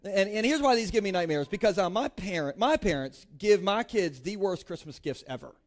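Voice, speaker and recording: A man's voice: high-pitched, expressive, a little fast. A man in his thirties from Delaware, preaching to a congregation in a casual, joking way with lots of playful asides. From Delaware, United States. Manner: chatty, peppers speech with "like", playful asides. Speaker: pastor. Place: church stage before a congregation.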